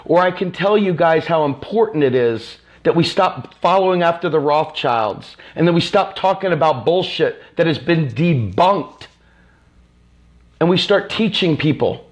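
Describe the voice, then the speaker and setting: A man from the United States hosting a live stream. He delivers an impassioned, angry political rant that is repetitive and profane. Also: fairly high pitch.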